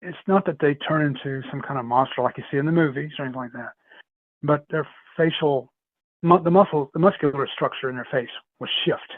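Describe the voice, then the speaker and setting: Podcast guest, male, slightly higher voice, loose rambling storyteller, dry phone-line sound. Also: fairly quick, dry recording. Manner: rambling, repeats himself, laughs often. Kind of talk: casual storytelling chat.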